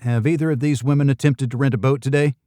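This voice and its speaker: A male audiobook narrator voicing a calm, businesslike woman operative, staying close to his own mid-pitched voice. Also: fast, no room sound, lightly acted.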